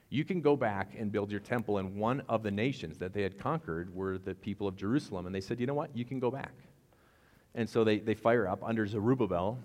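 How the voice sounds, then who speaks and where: A pastor with a lowish voice delivers a sermon in a relaxed, conversational style, weaving jokes and asides into the story he tells. A long reverb trails his words, suggesting a large hall.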